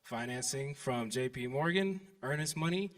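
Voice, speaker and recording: A man introducing himself and reading an offer letter aloud to a seminar audience in a steady, easygoing way. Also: medium pitch, moderate pace. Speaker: seminar participant pitching an offer. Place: event stage before an audience. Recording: distant mic in a hall.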